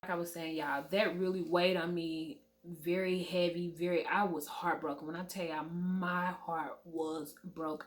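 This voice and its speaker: A woman, telling a heartfelt storytime straight to her viewers. Her voice sits on the low side, and she keeps it candid and conversational, calling them y'all and swearing without a second thought. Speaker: vlogger. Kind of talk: emotional storytime to camera.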